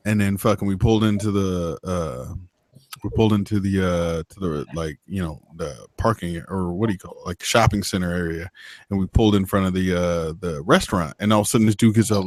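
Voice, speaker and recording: A man with a somewhat low voice tells long, meandering stories in casual conversation. He swears freely and restarts his sentences often. The sound is dry and close, with no room around it. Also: a little fast, a little mellow, dry recording. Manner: rambling, profane storyteller. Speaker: motovlogger. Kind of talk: casual chat.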